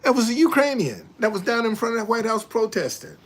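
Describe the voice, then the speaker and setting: An older man streaming live, retelling a confrontation with heavy profanity and repetition, then chatting with viewers. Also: fast talker. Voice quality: profane, emphatic storytelling with repetitions. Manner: animated, loud retelling, drops low when reading chat. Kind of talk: casual live stream talk.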